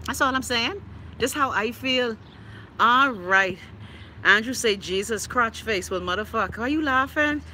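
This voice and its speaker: A woman's voice: on the high side, unhurried, sharp tone, slight background noise. A woman from the Bahamas with a Bahamian accent, chatting on a live stream, reading viewer comments in an outspoken, sassy, profane way and laughing often. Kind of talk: casual live-stream chat.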